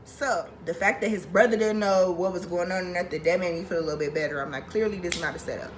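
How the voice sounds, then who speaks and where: A young woman vlogger telling a storytime, animated, profane and venting. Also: on the low side, fast, a little hiss or hum, poor audio. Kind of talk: storytime vlog.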